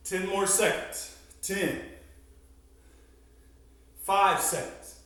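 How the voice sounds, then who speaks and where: Breathless PE teacher counting down in echo. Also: male voice, high-pitched, steady tone, drawn-out words, a bit bright. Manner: encouraging, counts down intervals. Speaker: elementary PE teacher. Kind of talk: coaching a home workout video class. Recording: echoey room, mic at a distance.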